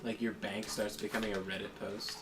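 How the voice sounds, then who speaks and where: A man's voice: lowish voice, little pitch movement, a little fast, background noise. A man chatting casually during a game session, ranting in a profane, rambling way and often breaking into laughter. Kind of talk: casual chat. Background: game music.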